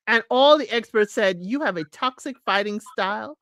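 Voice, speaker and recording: A woman giving a chatty, animated recap of a reality show, talking straight to her viewers. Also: a little high, moderate pace, hardly any pauses, clean tone, dry recording. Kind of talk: casual recap commentary.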